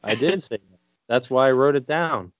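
A man's voice: medium pitch, moderate pace, no echo. Man, podcast co-host, crude joking, dry muffled recording. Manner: crude jokes, rambling storytelling. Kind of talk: casual movie chat.

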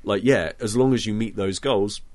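Low-voiced man in casual chat. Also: moderate pace, a little mellow. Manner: chatty, with frequent fillers. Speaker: guest, game maker.

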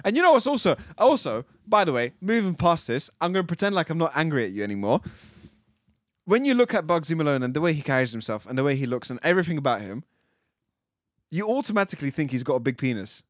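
A man in a casual podcast chat, his pitch swinging widely as he rants in playful mock outrage. The sound is close and dry, with no room around it. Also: big pitch swings, fast talker, dry recording. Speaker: podcast co-host.

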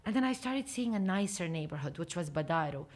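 A woman's voice: on the low side, animated, brisk. A woman who grew up between Florida and Lebanon, telling her life story in casual podcast conversation, acting out the voices she quotes and dropping in Arabic phrases.

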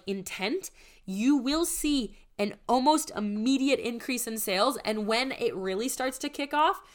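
A young woman business coach giving an enthusiastic, persuasive sales pitch, her voice strained and close to giving out. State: strained, nearly losing her voice. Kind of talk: promotional podcast monologue.

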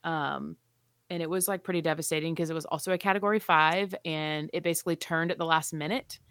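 A woman co-hosting a casual podcast, chatty and expressive. Her voice sits fairly low but sounds bright and clear. The recording is dry and close. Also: fast talker, no room sound. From Charleston, South Carolina. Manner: chatty, expressive, laughs easily. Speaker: podcast co-host. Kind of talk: casual chat.

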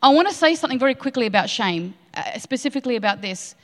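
A woman's voice: a little high, expressive, fast. A woman preaching a sermon with passion, repeating key lines for emphasis. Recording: long hall reverb.

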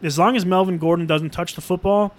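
A young man in casual sports chat, excitable and given to yelling and swearing when he rants. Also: high voice, brisk.

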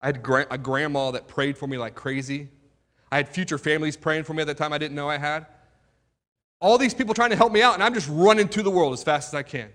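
A young man preaches his own testimony to a room of listeners. His voice sits a little high and comes out bright and forceful. He tells the story with drama, sinking to a hush and then rising loud, and throws questions straight at the crowd. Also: fast. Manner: dramatic storytelling, swinging between hushed and loud. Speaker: youth speaker giving his testimony. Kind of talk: testimony sermon to a live audience.

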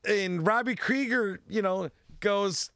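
Guy with a raspy fry voice, a bit high, rambling story with lots of restarts, laughs a lot. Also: slow, fairly bright tone, dry recording, clean studio sound. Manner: rambling, repeats himself, laughs often.

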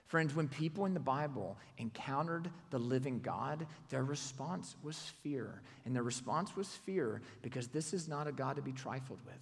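A man preaching a sermon, swinging from loud exclamations to hushed near-whispers. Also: medium pitch, fairly quick, in a large hall.

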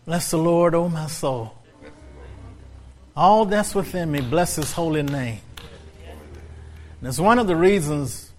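A male pastor preaching a sermon, repeating phrases and building to fervent, rising exclamations. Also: on the high side.

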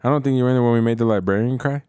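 A man's voice: medium pitch, rapid-fire, darkish tone, clear, resonant tone, dry recording, studio quality. A young man co-hosting a podcast, telling a story in laid-back, slangy, profane chat. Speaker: podcast co-host.

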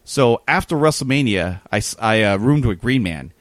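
A man's voice: mid-range voice, normal speed, dry recording. Man, rambling storyteller, casual chat, dry close sound. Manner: rambling, animated, many fillers. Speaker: guest telling a story.

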